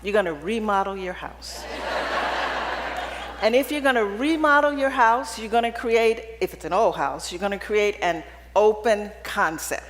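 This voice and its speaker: Speaking at a moderate pace in a mid-range voice, a woman delivers a keynote speech to an audience in an event hall, telling personal stories with humor and frequently asking "right?". Her tone stays conversational. The recording has long hall reverb and a little hiss or hum.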